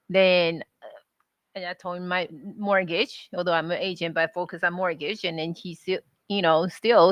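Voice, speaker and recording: A woman's voice: lowish voice, a bit bright, no echo. A woman mortgage broker answering from the audience, hesitant and searching for details as she recalls.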